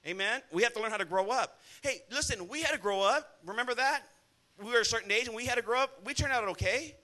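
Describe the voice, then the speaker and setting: A man's voice: very high voice, fast, pushed and bright. A male pastor preaching a sermon in a church, blunt and scolding, often calling out to the congregation for an "amen.".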